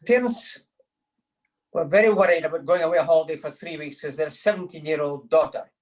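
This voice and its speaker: A man's voice: on the high side, brisk, poor audio. A man telling jokes at a supper over a video call, acting out the quotes and chuckling at his own punchlines. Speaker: speaker giving a toast to the lassies. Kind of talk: after-dinner joke telling.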